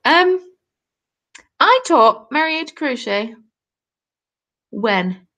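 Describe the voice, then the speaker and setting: Chatty southern English woman, slightly gravelly. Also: high voice, animated, extremely slow, a bit bright. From southern England. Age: 20s. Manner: chatty, reading and answering viewer comments. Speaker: crafting channel host. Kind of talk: casual live-stream chat while knitting. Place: cold home.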